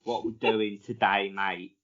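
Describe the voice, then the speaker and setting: A man's voice: on the low side, steady tone, measured pace, fairly bright tone, muffled recording. A man voicing a cheeky, chirpy Cockney working man with a Cockney accent.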